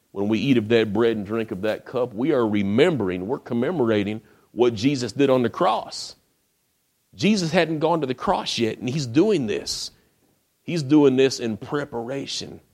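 A man's voice: mid-range voice, darkish tone. A man preaching a sermon, retelling a scripture story in a casual storytelling way with rhetorical questions.

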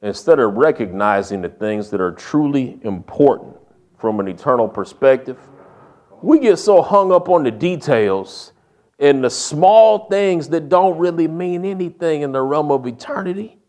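A man's voice: fairly high pitch, expressive, normal speed, a little mellow. A man preaching a sermon, telling stories in a folksy, humorous way. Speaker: pastor.

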